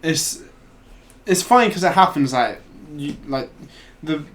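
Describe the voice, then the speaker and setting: A man's voice: a little high, lively intonation, unhurried, a bit bright, slight background noise. A man co-hosting a casual podcast chat, rambling and restarting his thoughts. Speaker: podcast co-host.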